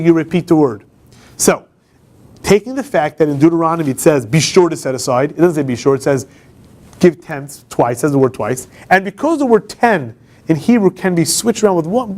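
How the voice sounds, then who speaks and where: Guy teaching a class, kinda high voice, chatty, keeps asking the room stuff, restarts a lot. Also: a little mellow. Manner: conversational, asks the class questions, frequent restarts. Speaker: campus rabbi teaching a class. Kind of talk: informal classroom lecture. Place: law school classroom.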